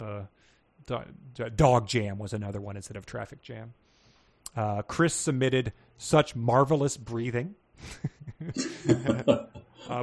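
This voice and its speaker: Male co-host, mid pitch, wry and casual, reads emails aloud. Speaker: podcast co-host. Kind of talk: casual chat, reading listener emails.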